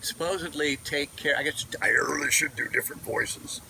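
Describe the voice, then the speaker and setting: A man who vlogs and narrates audiobooks speaks outdoors into his camera mic, no wireless mic, in a casual, wandering way full of fillers and restarts. His voice sits on the high side, gravelly and sharp, at a moderate pace. The audio is poor, with a little hiss or hum.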